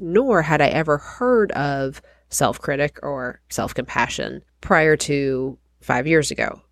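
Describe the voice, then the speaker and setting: A woman in her forties with a low, nasal voice, talking candidly to her podcast listeners. She tells stories in a chatty, self-reflective way. The sound is dry and close, with no room around it. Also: vocal fry, no echo. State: nasal from a cold, getting over illness. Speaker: podcast host. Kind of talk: casual storytelling podcast.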